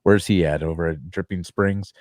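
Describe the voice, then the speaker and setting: Animated man podcast host, dry sound. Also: low voice, moderate pace, dry recording. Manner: animated, stumbling storyteller. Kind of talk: casual podcast chat.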